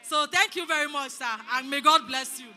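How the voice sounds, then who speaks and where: A Nigerian woman presents gifts to a retiring boss in a formal, polite thank-you speech, peppering it with a deferential "sir". Her voice is high and very bright. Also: brisk.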